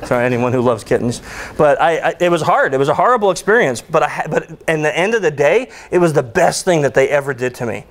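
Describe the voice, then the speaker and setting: A man speaking at a conference, telling stories with jokes and a ranting edge. His voice sits a little high for a man. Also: quick pace. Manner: joking, ranting, animated storytelling. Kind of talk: conference talk. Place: conference hall.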